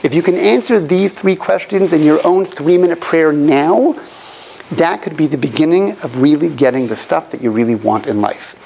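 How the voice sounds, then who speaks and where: Man teaching a class, animated storyteller, faint room hiss. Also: a little high, normal speed, vocal fry, low-quality recording. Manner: animated storyteller, acts out quoted voices. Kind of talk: storytelling lecture. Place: classroom opposite the Western Wall.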